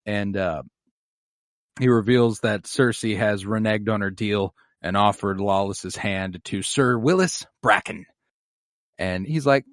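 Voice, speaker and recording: A man's voice: on the low side, no room sound, studio quality. A man co-hosting a podcast in casual chat, swearing freely and acting out characters' lines. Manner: swears freely, acts out characters' lines in quick mock voices. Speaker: podcast co-host recapping episodes.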